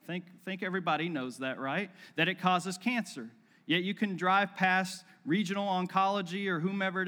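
Man, pastor, sermon, fairly high voice, chatty and joking, long hall reverb. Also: a bit bright. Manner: conversational and joking, acts out little scenes.

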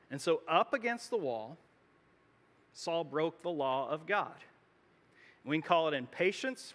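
Pastor, male, conversational sermon delivery with frequent restarts, high bright voice. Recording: long hall reverb.

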